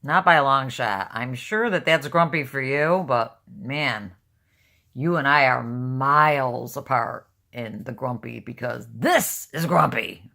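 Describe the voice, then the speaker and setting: Gravelly-voiced older woman, blunt. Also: extremely low pitch, a little slow, pushed and bright. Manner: blunt, rambling, openly emotional. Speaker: vlogger. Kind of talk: casual talk to camera.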